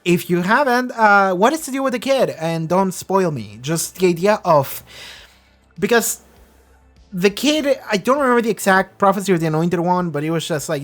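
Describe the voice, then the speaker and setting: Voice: medium pitch, expressive, moderate pace. Rambling, profane casual reactor. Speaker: YouTube show reactor.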